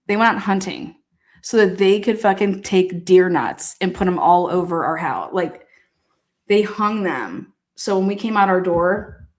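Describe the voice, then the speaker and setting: A show host rambles through casual stories, laughing often and swearing without restraint. Her voice is on the low side, with lively intonation and a measured pace.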